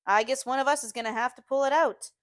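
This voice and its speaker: A woman's voice: high-pitched, fast talker, voice pushed up, natural voice. A woman voicing a blunt middle-aged Southern housemaid, firm and plainspoken. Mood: firm reassurance.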